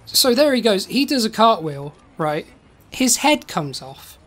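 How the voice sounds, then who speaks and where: A woman co-hosting a comedy podcast, telling a silly story in a rambling, halting way with many repeated words. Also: a little high, very animated, a bit bright. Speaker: podcast co-host.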